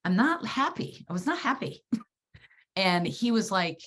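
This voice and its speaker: A woman hosting a solo podcast, telling a personal story in a lively, wordy way and swearing freely. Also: mid-range voice, unhurried, husky. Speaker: podcast host.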